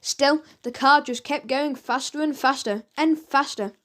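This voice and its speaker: Woman narrator, children's audiobook, high voice, lively, expressive. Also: measured pace.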